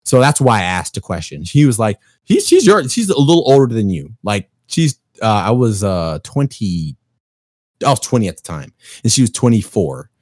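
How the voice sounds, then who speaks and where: A man from Chicago telling a story on a casual podcast chat, profane and animated, acting out quotes with big jumps in pitch. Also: normal speed, no echo, clean studio sound.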